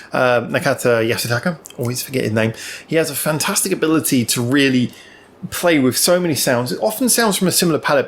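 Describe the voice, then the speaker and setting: A man's voice: mid-range voice, a bit bright. A man hosts his own music review channel, thinking aloud as he talks through a song. He rambles and restarts often, filling gaps with ums. He is recorded alone indoors, speaking to a camera in front of him. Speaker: music reaction channel host.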